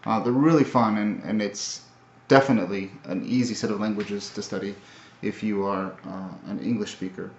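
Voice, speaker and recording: A man recapping his language studies in a casual video, talking in a halting, thoughtful way with many fillers and restarts. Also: fairly low pitch, fairly even intonation, darkish tone. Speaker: language learner. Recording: roomy, dull lo-fi audio.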